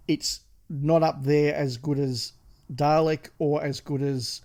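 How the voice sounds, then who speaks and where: A man, co-hosting a casual podcast chat and giving measured opinions point by point. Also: on the high side, vocal fry, a little mellow. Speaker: podcast co-host.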